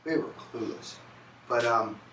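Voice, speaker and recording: A man's voice: mid-range voice, expressive, a little slow, bright, forceful tone, slight background noise. A man, a singer, telling a candid and confessional story on a concert stage, recorded in an echoey venue from a distant mic.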